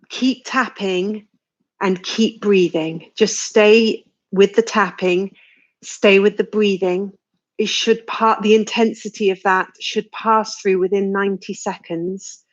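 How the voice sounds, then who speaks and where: Woman guiding a slow, soothing tapping session. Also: mid-range voice, lo-fi sound. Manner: slow, soothing guidance with sighs and yawns. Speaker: tapping practitioner leading a live session. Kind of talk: guided tapping session, live stream.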